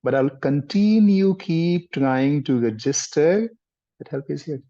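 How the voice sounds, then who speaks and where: A man, a counseling trainer explaining things gently in a live workshop. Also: on the high side, expressive, takes it slowly. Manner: gentle, explanatory, mixes in Hindi words. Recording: dull lo-fi sound.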